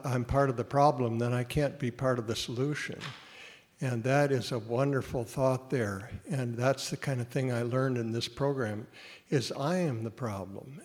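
A man speaks at a support group meeting, earnest and halting, pausing often on fillers. His voice sits at an ordinary pitch and carries a long reverb from a hall.

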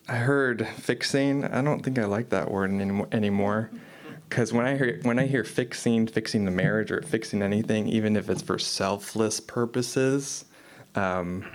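A man sharing at a recovery meeting, reflective and hesitant with fillers. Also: fairly low pitch. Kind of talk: personal sharing.

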